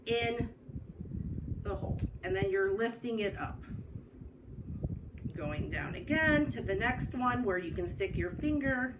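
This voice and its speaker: A woman hosting a live craft tutorial, chatty and talking to herself as she works, often stopping with "hold on.". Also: on the high side. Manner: chatty, self-interrupting with "hold on". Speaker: craft host. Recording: distant mic with noise.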